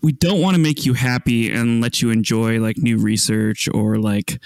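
A man's voice: medium pitch, fairly even intonation, normal speed, darkish tone, clean tone, dry recording. A man co-hosting a casual podcast, making wry, sarcastic jokes on a close mic. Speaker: podcast co-host.

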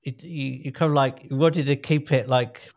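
A man's voice: medium pitch, normal speed. A man co-hosting a podcast, reacting eagerly and chatting with a lot of energy. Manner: animated, reactive listener, swears freely. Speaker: podcast co-host. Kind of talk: casual chat.

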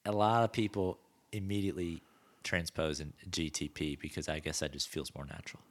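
Low-voiced man, chatty podcast co-host. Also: fairly even intonation, a little fast. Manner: enthusiastic, acts out quoted voices. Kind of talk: casual chat.

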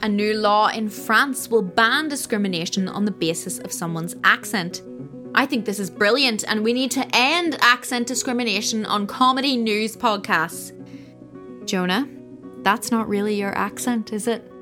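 A woman co-hosting a comedy news podcast, reading scripted headlines with crisp, punny delivery. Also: medium pitch, moderate pace, over music.

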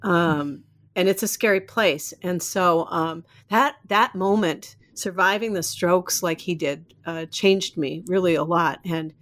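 A woman guest on a podcast, telling a personal story in an animated, rambling way and laughing often. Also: fairly low pitch, unhurried. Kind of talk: storytelling in casual interview.

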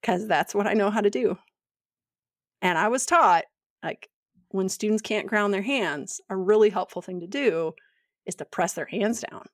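A woman co-hosting a podcast, telling a story in a casual, animated way and acting out the quotes. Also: medium pitch, normal speed, no echo, studio quality. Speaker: podcast co-host, yoga teacher.

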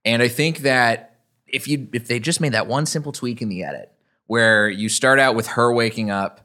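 A man's voice: medium pitch, normal speed, sharp tone. A man co-hosting a casual podcast chat, talking easily and saying "y'all". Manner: chatty, uses "y'all". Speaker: podcast co-host.

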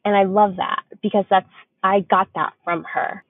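Candid and chatty, this young podcast co-host swears freely and fills her talk with fillers. She speaks at a moderate pace in a husky, mid-range voice with fairly even intonation, recorded dry with a tinny, phone-like quality and no room sound.

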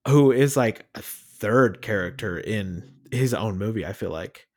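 A man co-hosting a casual podcast, leading the talk in a relaxed, storytelling way. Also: lowish voice, unhurried. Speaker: podcast co-host. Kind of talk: casual chat.

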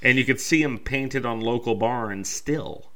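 A man's voice: mid-range voice, a little slow, a bit bright. A man co-hosting a podcast, reading folklore facts in casual chat and following them with wry jokes. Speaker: podcast co-host.

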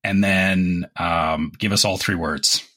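A man co-hosting a podcast in casual chat, with a deep radio-announcer voice, rambling and restarting his sentences. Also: steady tone, slow, sharp tone. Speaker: podcast co-host.

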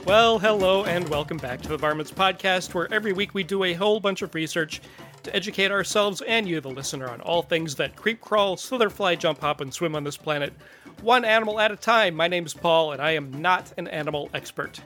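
A man's voice: high-pitched, a little fast, a bit bright, soft background music. Upbeat jokey podcast host man. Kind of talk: casual podcast chat.

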